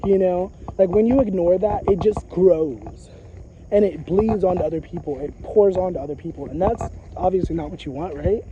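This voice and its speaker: Casual vlogger, male, high voice, dull lo-fi audio, rambling and profane. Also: moderate pace, a crowd in the background. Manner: profane, repetitive, emphatic, frequent filler phrases. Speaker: psychic vlogger. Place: outdoors in a graveyard.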